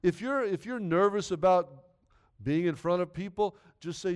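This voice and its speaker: A man delivering a sermon with a high, clear, resonant voice. He speaks earnestly and conversationally, circling back and repeating phrases as he works through scripture. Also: moderate pace. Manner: earnest, repetitive, conversational preaching. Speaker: pastor.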